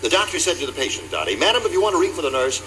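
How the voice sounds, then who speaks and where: A man hosting a TV game show, teasing contestants with a jokey, drawn-out delivery. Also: a little high, wildly swooping pitch, noisy background. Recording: old TV broadcast with loud music.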